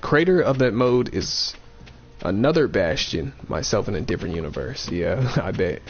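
A man's voice: on the low side, sing-song, normal speed, a little hiss or hum. A man giving casual, playful let's-play commentary, thinking aloud and repeating himself, with a dull lo-fi mic and faint game music. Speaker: gaming streamer.

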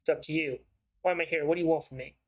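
Guarded, weary raccoon private eye from a story game, answering in short, clipped lines, read out by a man. The voice sits a little high and sounds like an everyday speaker. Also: fairly even intonation, rapid-fire, close to an everyday voice.

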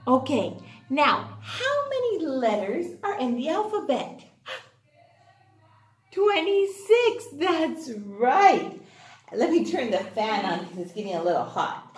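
High lively lady teacher, slow sing-songy phonics class, echoey room with a little fan hum. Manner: cheerful sing-song, drawn-out prompting. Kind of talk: online children's phonics class. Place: indoor room with a fan running.

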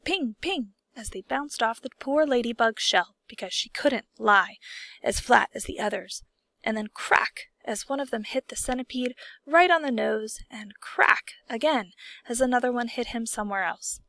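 A woman reads a children's storybook aloud with a steady, expressive delivery. Her voice sits on the higher side. The recording is dry and close, with no room sound around her. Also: moderate pace, no room sound. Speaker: audiobook reader. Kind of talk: storybook narration.

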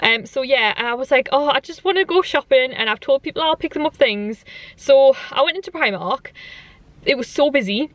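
A woman's voice: high voice, expressive, normal speed, fairly bright tone, no echo. A woman chatting casually to camera in a vlog, rambling about her day out in town. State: out of breath while walking. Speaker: vlogger. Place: out in town, walking and in a parked car.

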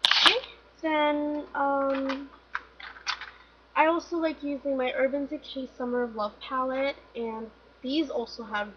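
A chatty young woman talks through her favourite products at her table, her voice a little high and bright. The sound comes from a dull, lo-fi 2011 webcam mic. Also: steady tone, measured pace, background noise. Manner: chatty, upbeat, lots of fillers. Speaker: beauty vlogger. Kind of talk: casual product review. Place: home room at a table.

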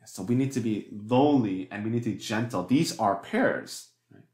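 Pastor preaching in an echoey church. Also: male voice, on the low side, expressive, moderate pace, darkish tone. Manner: conversational, many fillers and restarts, asks the congregation rhetorical questions. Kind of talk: sermon.

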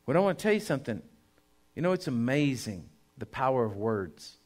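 A pastor delivering a sermon in a mid-range male voice. He preaches with emphasis, swinging from quiet, intimate lines to loud declarations, and keeps turning to address his listeners directly. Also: medium pitch, animated, fast.

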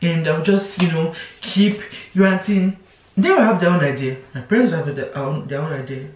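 A woman's voice: low-pitched, normal speed, darkish tone, slight background noise. A young woman, chatting casually to camera as a vlogger. She restarts her sentences often and slips into quoted voices. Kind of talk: casual confessional chat to camera. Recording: roomy, voice from a distance.

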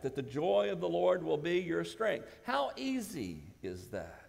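A male pastor, possibly, preaching a sermon that builds to shouted emphasis. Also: fairly high pitch, very animated, a little slow, vocal fry. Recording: church hall with long reverb.

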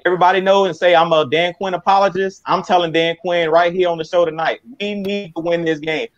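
A man's voice: high-pitched, steady tone, brisk, no room sound. A man co-hosting a sports talk show, giving an emphatic, fired-up pep talk. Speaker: podcast co-host. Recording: dry, slightly muffled mic.

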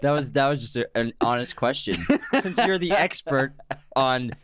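A man's voice: mid-range voice, lively intonation, moderate pace, a bit bright, slight background noise. A man co-hosting a podcast in casual chat, joking and laughing often. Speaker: podcast co-host.

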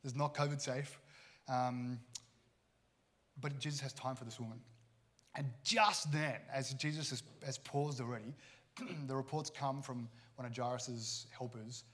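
A man's voice: mid-range voice, steady tone, measured pace, fairly bright tone. Man preaching a conversational sermon. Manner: conversational, acts out quoted characters. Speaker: pastor.

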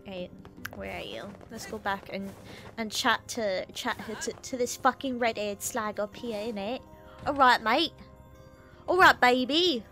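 Crude young lad woman doing it, leering, lewd pickup lines, gravelly, game voice. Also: fairly high pitch, a little slow, over music.

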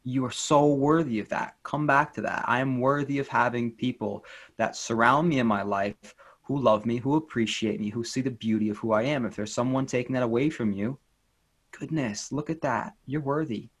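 A man speaking as an inner child life coach in an interview, earnest and gently encouraging, repeating phrases for emphasis. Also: mid-range voice, moderate pace, husky. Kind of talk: interview guest, reflective talk.

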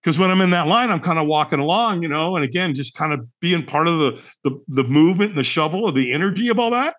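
Animated man telling a dramatic story. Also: a little high, fast. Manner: emphatic, dramatic, fond of rhetorical questions. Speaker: podcast guest, firewalk instructor.

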